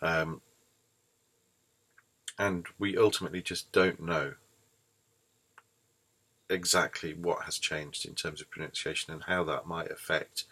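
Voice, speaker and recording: A man's voice: rumbling low, creaky, sharp tone. A man giving a screencast lecture on poetry, thoughtful and explanatory, with frequent ums and restarts. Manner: hesitant, many ums and restarts.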